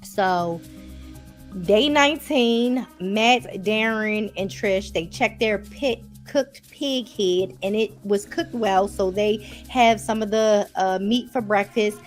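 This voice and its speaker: A woman's voice: mid-range voice, takes it slowly, faint music behind. A woman with a Baltimore accent, chatting casually to her viewers as she recaps a TV episode. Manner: chatty, addresses viewers as y'all. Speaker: TV episode reviewer.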